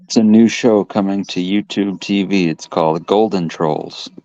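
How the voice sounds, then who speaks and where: A man with a very low voice breaks into a casual livestream with short, crude remarks. The audio is muffled, lo-fi and dry. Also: moderate pace, dark tone, no room sound. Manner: terse, crude interjections.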